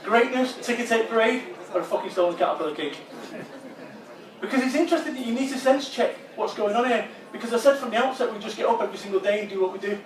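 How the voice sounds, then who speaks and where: A man's voice: very high-pitched, fast. A man from England, giving a punchy, blunt motivational talk that he spices with swearing. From northern England. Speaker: motivational speaker. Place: large expo hall. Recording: roomy hall, voice far from mic.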